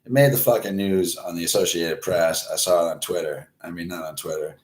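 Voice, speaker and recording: A Florida host in his forties delivers a profane, rambling storytelling monologue in a lowish voice at a slightly fast pace. He swears constantly and gets loud and animated when reenacting scenes. The echoey room makes the sound bounce.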